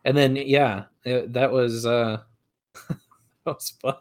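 A young man in casual chat who stops and restarts his sentences and trails off softly. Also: mid-range voice, fairly even intonation, takes it slowly, slight background noise.

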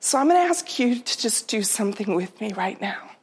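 A middle-aged woman telling a personal story to an audience, heartfelt and unhurried, sometimes dropping to a soft near-whisper. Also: mid-range voice, big pitch swings, slightly rough. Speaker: storyteller speaker.

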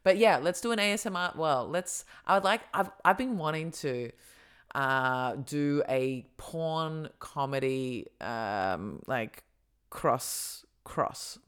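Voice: medium pitch, slow, a bit bright, clean tone. A podcast host in casual chat, talkative and laughing often, with many fillers. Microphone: podcast microphone setup.

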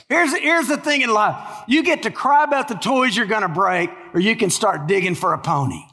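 Male pastor, conversational storyteller, leans hard on key words, high-pitched, long church-hall echo. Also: pushed and bright. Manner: conversational storytelling preacher with emphatic stretched words. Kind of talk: sermon.

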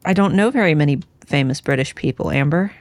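A woman's voice: sits low, animated, fast talker, darkish tone, no room sound. A woman co-hosting a casual podcast about a book series, chatting in a rambling way with many restarts. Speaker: podcast co-host. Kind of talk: casual chat.

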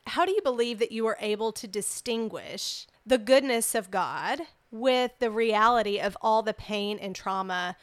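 A woman's voice: a little high, normal speed, hardly any pauses, no echo. A woman hosting a podcast interview, supportive and affirming. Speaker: host.

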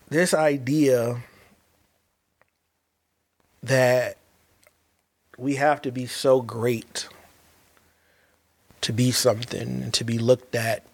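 An earnest man speaks as a father in a heartfelt monologue, with a mid-pitched voice. He keeps circling back and restarting phrases, pressing his points with emphasis. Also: fairly even intonation, drawn-out words, vocal fry, long pauses.

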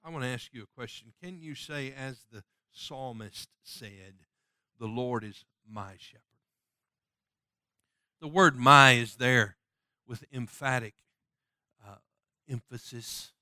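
A man preaching a sermon who swings from loud, ringing passages to soft, hushed appeals and quotes scripture in old-fashioned wording. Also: mid-range voice, slow pace, long pauses, dry recording, clean studio sound. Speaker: pastor.

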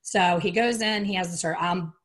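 A woman's voice: fairly low pitch, normal speed. A middle-aged woman, an interview guest, telling a personal story with candor and acting out the voices she quotes. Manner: animated, candid, acts out quoted voices.

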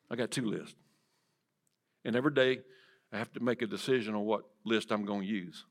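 A man preaching a sermon in church, swinging from loud to hushed and asking the congregation direct questions. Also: lowish voice, brisk. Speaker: pastor. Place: church sanctuary.

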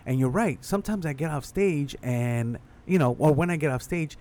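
A man's voice: on the high side, animated, moderate pace, a little mellow. A male stand-up comedian in a casual chat, talking loosely and profanely with many restarts.

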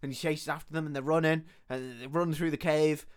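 A man's voice: on the high side, brisk, smooth. A man co-hosting a podcast, recapping a film plot in casual, sweary chat and acting out the characters' lines. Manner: sweary animated retelling with quoted voices. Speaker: podcast co-host.

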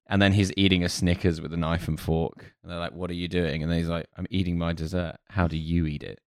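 A man with a very deep, low voice chats casually. He jokes, drifts into fillers and trails off mid-thought. The sound is close and dry, with no room around it. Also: little pitch movement, fast talker, clear, resonant tone, no echo. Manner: joking, trails off with fillers, puts on silly voices. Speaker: podcast co-host. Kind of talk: casual chat recapping a sitcom.

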